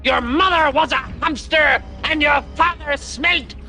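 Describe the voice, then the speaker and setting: A man voicing a taunting French castle guard in a put-on French accent, slow and mocking. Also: very high-pitched, creaky, pushed and bright, pitched above the performer's own voice, exaggerated voice. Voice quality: exaggerated sneering taunts.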